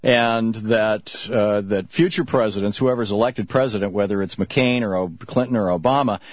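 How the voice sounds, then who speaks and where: Middle-aged male talk-radio host, low and husky, dull dry broadcast audio. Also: dry recording. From Michigan, US. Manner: reflective storytelling, halting with restarts.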